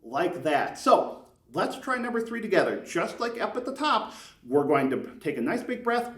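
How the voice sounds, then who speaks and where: A man's voice: fairly high pitch, very animated, measured pace, a bit bright. A man teaching beginners a brass lesson step by step, counting beats aloud and encouraging them. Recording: echoey room, mic at a distance.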